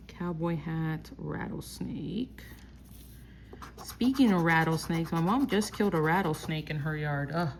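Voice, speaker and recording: A Texas woman runs a laid-back scratch-off lottery vlog, slowly naming each symbol one at a time as she scratches. Her voice is slightly low and darkish, gravelly with vocal fry, and a faint hum of noise sits in the background.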